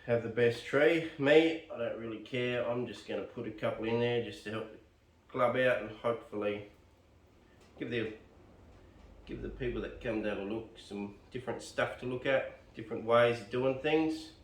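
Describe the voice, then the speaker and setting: Potting plants on camera, this Australian bonsai vlogger narrates casually, muttering to himself, rambling, and poking fun at himself. He speaks at normal speed in a medium-pitched voice, with a roomy sound from a mic set at a distance.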